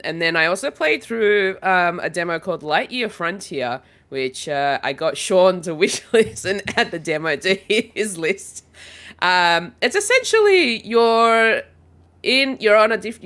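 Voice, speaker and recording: A woman's voice: sits low, fairly bright tone, clear, resonant tone. A woman co-hosting a gaming podcast in casual chat, congested from a cold and rambling with many fillers. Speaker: podcast co-host.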